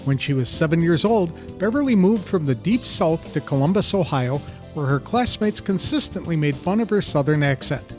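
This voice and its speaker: Man hosting a podcast, higher voice. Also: expressive, a little mellow, faint music behind. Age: older. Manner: measured, reads a prepared introduction. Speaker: podcast host. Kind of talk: scripted podcast intro and interview.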